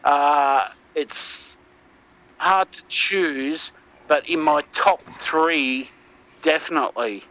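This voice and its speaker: A man's voice: on the high side, extremely slow, sharp tone, dull audio. An Australian man co-hosting over an internet call, chatting casually with profanity and many fillers. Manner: profane, meandering, lots of fillers. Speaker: co-host calling in. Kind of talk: casual chat.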